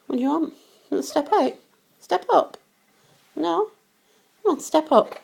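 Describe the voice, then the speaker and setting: A British woman talks to her pet parrot in a coaxing, sing-song manner. Her voice sits high and swoops widely up and down, and she takes her time over each phrase. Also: expressive, a little slow, vocal fry, pauses often, darkish tone. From United Kingdom. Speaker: pet owner.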